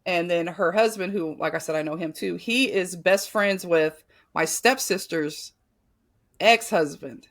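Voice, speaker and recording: A woman's voice: lowish voice, a little slow. A woman in her thirties frankly telling her own life story as a podcast host, cursing freely and restarting her sentences often. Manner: frank, profane, full of fillers and restarts. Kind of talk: candid personal storytelling.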